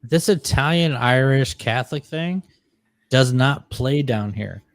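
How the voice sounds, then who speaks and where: A man's voice: mid-range voice, lively intonation, unhurried, no echo. Joking man, dry close sound. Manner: joking, profane, laughs a lot. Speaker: podcast co-host. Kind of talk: casual crude banter.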